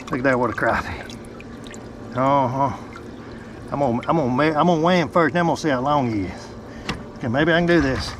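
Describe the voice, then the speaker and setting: A middle-aged man from North Alabama talks in a chatty, folksy Southern drawl while fishing from a boat. His voice sits at an ordinary pitch and turns excitable as he goes along. Steady boat and water noise runs underneath him outdoors. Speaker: fishing vlogger. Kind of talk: casual outdoor fishing vlog. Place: small boat on a creek outdoors.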